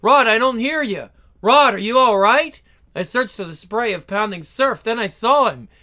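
A man's voice: high-pitched, expressive, normal speed, pushed and bright. A man voicing a headstrong young woman who tells her own story with melodramatic flair. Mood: wistful.

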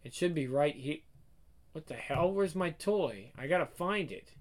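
A man's voice: on the high side, lively intonation, measured pace, pitched above the performer's own voice. An anxious, flustered mother mutters her worries to herself in a slightly lifted voice, as a man puts her on. The talk is fretful and jumpy, in an audio story. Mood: irritated. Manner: frantic inner monologue, fretful.

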